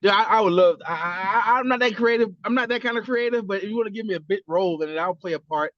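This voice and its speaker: Talking fast in a high voice, this man co-hosts a podcast in a loose, animated style, cursing heavily and performing quotes. There's no room sound, and the audio is dull.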